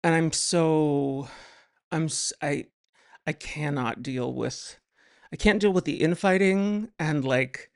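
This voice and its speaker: A podcast guest speaks in a casual interview at an ordinary middle pitch. The talk comes out in halting starts and restarts. The humor is dry and deadpan. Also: clean tone. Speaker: podcast guest, writer and psychotherapist.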